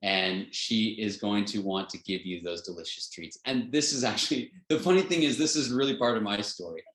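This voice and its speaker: An earnest male instructor gives an informal health lesson in a fairly low voice. He chuckles now and then and restarts his sentences with plenty of fillers. The sound is roomy, with a clear echo. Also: brisk, fairly bright tone. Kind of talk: informal teaching talk.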